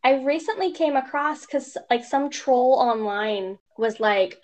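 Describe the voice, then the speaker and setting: A woman's voice: on the high side, moderate pace, few pauses. Chatty young mother telling stories. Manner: animated storytelling, mimics strangers' voices. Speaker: podcast co-host. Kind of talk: casual chat.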